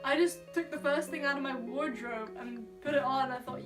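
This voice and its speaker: A young woman from Scotland with a high voice answers comments with sassy, playful comebacks in a casual vlog. She sits a little back from the mic, and clear background music plays under her. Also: moderate pace, hardly any pauses, recorded from a distance. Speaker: YouTuber reading comments.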